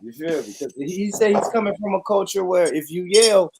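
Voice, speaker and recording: A man hosting a show, reacting in casual commentary with loud, profane talk and frequent laughter. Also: high voice, lively intonation, a little fast, noisy background. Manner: loud, profane, laughs a lot, addresses viewers.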